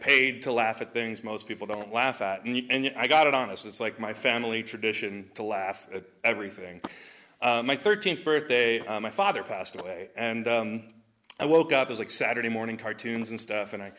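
Bright-voiced man telling a funny story. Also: medium pitch. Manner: laughs often while telling stories, chatty with many fillers. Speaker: stand-up comedian. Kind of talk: storytelling talk with jokes.

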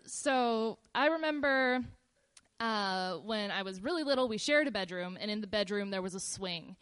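A woman casually telling a personal story in a relaxed, meandering way, with fillers and pauses. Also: mid-range voice, clean tone.

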